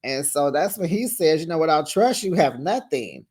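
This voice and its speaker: A reality TV recap host giving sassy, teasing, animated commentary in a casual chat style and calling viewers honey. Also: mid-range voice, normal speed, husky.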